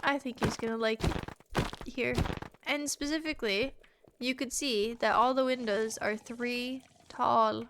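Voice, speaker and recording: A woman with a high voice chats to her viewers while she plays, teasing them and swearing freely. Her talk is casual and loose. A steady noise sits under her voice in the recording. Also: a little slow. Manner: swearing, teasing and chatty, talking to chat and a pet. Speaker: streamer. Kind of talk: casual live-stream chat while gaming.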